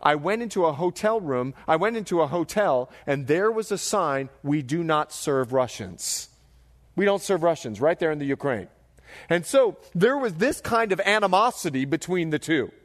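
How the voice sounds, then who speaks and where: Animated preaching man, lively pitch. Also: normal speed, long reverb tail. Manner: animated, jokey storytelling with put-on voices. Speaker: pastor. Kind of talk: sermon.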